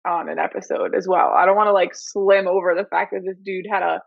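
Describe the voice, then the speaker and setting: A podcast co-host with a gravelly voice, heard over a dull, muffled, dry line. Chats casually and often gives short agreements. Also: mid-range voice, little pitch movement, fairly quick, no echo. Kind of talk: casual chat.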